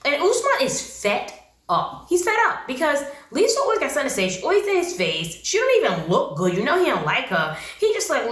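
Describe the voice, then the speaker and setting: A young woman vlogging her review of a reality show, blunt and opinionated with plenty of slang. Her fairly high voice swings up and down with lively energy. The room around her is echoey. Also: fairly quick. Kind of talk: casual vlog commentary.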